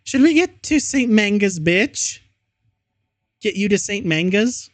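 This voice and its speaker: A shrill, squealing gothic teen girl, as a man puts her on, her voice leaping high. She sounds breathless and overexcited, spoken close in a dry room. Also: lively intonation, slow pace, a bit bright, no room sound, heavily acted. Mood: shrieking.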